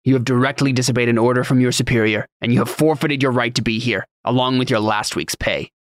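A man voicing a soft-spoken male overseer who gives short, authoritative orders in an audiobook. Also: mid-range voice, quick pace, dry recording, studio quality, close to an everyday voice. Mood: stern.

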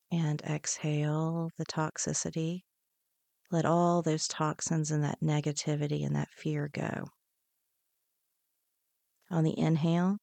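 A woman leading a guided breathing meditation on a podcast, giving slow, soothing, repeated instructions. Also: low-pitched, creaky, dark tone, no room sound. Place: podcast studio.

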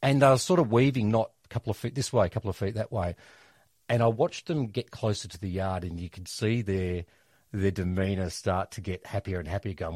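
A middle-aged Australian man telling funny family stories in a casual, animated way. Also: lowish voice, a little fast, no room sound, clean studio sound. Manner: animated, jokey storyteller. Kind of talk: casual storytelling chat.

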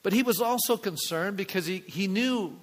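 A man's voice: sits high, normal speed, in a large hall. A male pastor preaching a sermon in a church sanctuary, talking in a conversational way with asides to his congregation.

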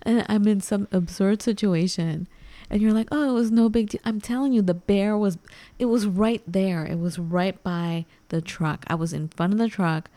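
At a normal speed and medium pitch, a woman co-hosting a podcast chats loosely, bringing her story's characters to life by animatedly performing their lines. There is no echo.

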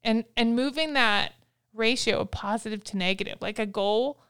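Smooth-voiced woman hosting a parenting talk. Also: fairly high pitch, a bit bright. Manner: earnest, reflective, interjects to pause and probe. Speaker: podcast host. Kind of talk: casual parenting chat.

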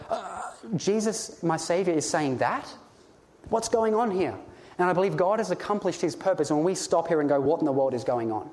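A man's voice: fairly high pitch, a little mellow. A man preaching a sermon in an earnest, pleading way, sometimes stumbling over his words when stirred. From Australia.

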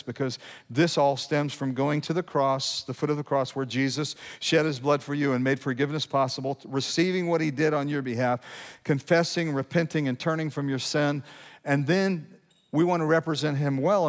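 A middle-aged man preaching a sermon to his congregation in a conversational way, often restarting his sentences and slowing down to read verses. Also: on the high side. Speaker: pastor. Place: church sanctuary. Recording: long hall reverb.

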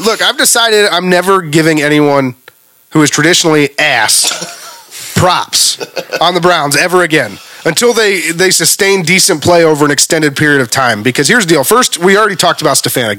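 Bright-voiced angry sports podcast host. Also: male voice, fairly high pitch, no room sound. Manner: heated, rants and swears. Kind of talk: casual sports talk.

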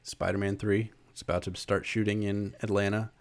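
A man's voice: lowish voice, flat delivery, a little fast, creaky. A man co-hosting a casual podcast chat, swearing freely and ranting about films. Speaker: podcast co-host.

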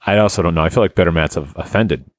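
A man's voice: low voice, rapid-fire, no room sound, clean studio sound. A man hosting a podcast in casual chat, laughing often and swearing casually. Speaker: podcast host.

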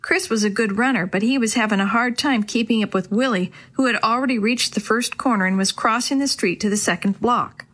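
A woman reads a children's story aloud with clear, expressive narration. Her voice sits a bit high. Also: brisk, few pauses. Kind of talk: storybook reading.

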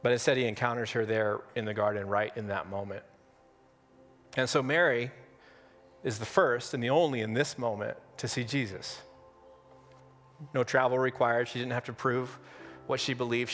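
A male pastor preaching an Easter sermon in a conversational, humorous way, with dramatic pauses. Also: mid-range voice, a bit bright, in a large hall. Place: church sanctuary on Easter Sunday.

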